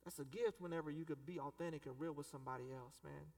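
A man's voice: on the high side, fairly even intonation, fast talker, vocal fry, darkish tone. A male pastor preaching a sermon in a casual, conversational way, asking the congregation questions and using everyday slang. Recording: echoey hall, voice from a distance.

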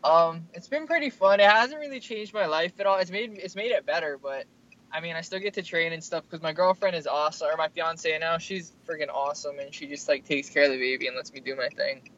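A man's voice: a little high, fairly quick, a bit bright, muffled recording. A young adult man answering interview questions in a laid-back, rambling way, full of "like". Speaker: guest fighter.

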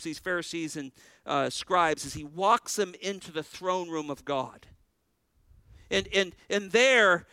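A man's voice: high-pitched, fairly bright tone, dry recording, poor audio. A male pastor preaching a sermon, earnestly putting questions to his congregation.

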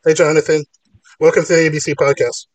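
A man's voice: on the high side, level tone, quick pace, dry recording, recorded from a distance, rough recording. A man hosting a call-in podcast, arguing his points in long rambling runs. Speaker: podcast host. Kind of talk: casual call-in talk.

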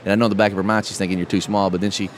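A middle-aged man, a podcast host telling a story in casual, animated chat. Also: on the low side, racing, faint music behind. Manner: animated storyteller, calls listener bro. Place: live podcast event. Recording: live event, faint noise behind.

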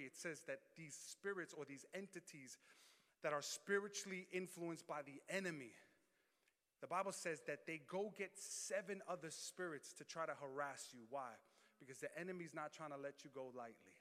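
A man preaching a sermon as pastor, animated, dropping low and quiet then building to loud shouts. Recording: long hall reverb.

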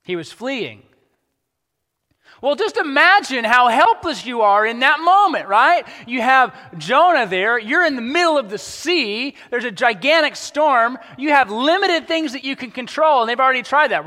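A man preaching a sermon as pastor, animated and acting out the characters he quotes. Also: very high voice, normal speed, big-room sound.

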